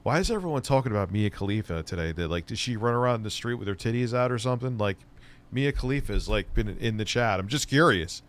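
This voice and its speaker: Casting: male streamer, lowish pitch, blunt sarcastic ranting, swears freely, a little stoned. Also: lively intonation, fast. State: stoned, voice lower than usual. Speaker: streamer and tech commentator. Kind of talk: casual profane live-stream chat.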